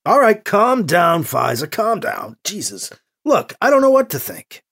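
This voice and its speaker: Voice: mid-range voice, huge pitch swings, unhurried, vocal fry, fairly bright tone, pitched above the performer's own voice, full character voice. Narrator as a weary, wry young priest. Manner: wry, muttering, self-deprecating. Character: weary, self-reproaching male priest.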